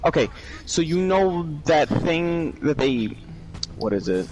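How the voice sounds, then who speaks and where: Profane, excitable man on a podcast. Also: a little high, slow, background noise. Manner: profane, excitable, laughing, blunt. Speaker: podcast co-host. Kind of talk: casual podcast chat while gaming.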